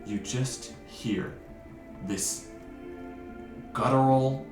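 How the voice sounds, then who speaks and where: A man's voice: mid-range voice, extremely slow, reverberant, over music. A man narrating as game master of a tabletop game, describing scenes and often correcting himself mid-sentence. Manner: descriptive, with frequent self-corrections.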